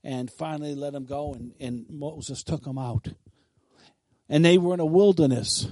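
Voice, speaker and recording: A man preaching a sermon who swings between bold, emphatic declarations and quiet, chatty asides to his listeners. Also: a little high, normal speed, dry recording.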